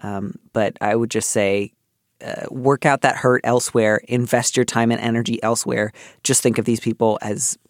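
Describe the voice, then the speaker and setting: A man's voice: mid-range voice, fairly even intonation, moderate pace, dry recording, clean studio sound. A man hosting an advice podcast, reading a listener letter and answering it in an earnest, wry, thoughtful way with many filler words. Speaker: advice column host. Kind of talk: casual podcast advice chat.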